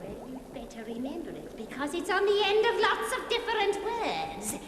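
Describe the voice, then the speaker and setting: A woman voicing a bossy, scolding older witch in a children's educational TV sketch, shrill and cackling. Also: big pitch swings, moderate pace, roomy sound, in a large hall, background noise. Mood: lecturing.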